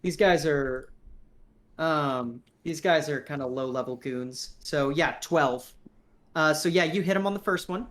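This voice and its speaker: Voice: medium pitch, measured pace, a bit bright. A game master running a tabletop combat in a casual, rambling way, reading rules aloud and narrating moves.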